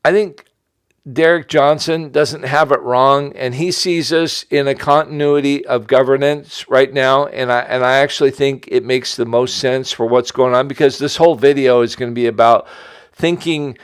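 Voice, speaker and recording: A man's voice: mid-range voice, steady tone, normal speed, clear, resonant tone, no echo. A middle-aged man from the United States hosts an investment update, talking in a rambling, casual monologue full of restarts and asides. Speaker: host giving an investment update.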